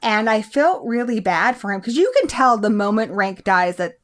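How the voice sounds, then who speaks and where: This is a woman in a casual podcast conversation, talking through a book and its film adaptation. She is animated and laughs easily. Her pitch sits in a middling range. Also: moderate pace. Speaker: podcast co-host. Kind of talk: casual book club chat.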